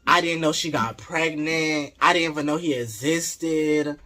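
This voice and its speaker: A man's voice: on the high side, fairly even intonation, unhurried, pushed and bright. A man voicing a panicked middle-aged husband who talks in a defensive, flustered way.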